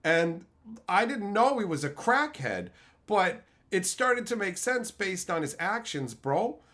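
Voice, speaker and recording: A man in his thirties chatting casually on a live stream, telling stories and shouting out loud quotes. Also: sits high, sing-song, slow. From Canada. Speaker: streamer opening card packs.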